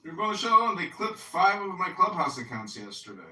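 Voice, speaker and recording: A podcast host and political candidate with a high, very animated voice runs a casual chat on an audio app, speaking briskly, greeting loudly, and talking in upbeat slogans. The low-quality recording is echoey and picked up from a distance.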